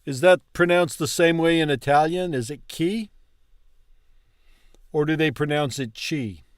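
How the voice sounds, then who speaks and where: Slow-talking man puzzling over pronunciation. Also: on the high side, clear, resonant tone, no echo, clean studio sound. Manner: slow, questioning, repeats words to test pronunciation. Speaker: language learner. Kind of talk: casual chat about pronunciation.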